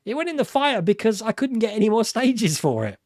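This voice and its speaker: This middle-aged man from Britain speaks high, brisk and very animated, with a slightly mellow tone, as he runs a live stream and chats through viewer comments. Chatty and rambling, he keeps laughing at his own expense. The sound is dry, studio-grade.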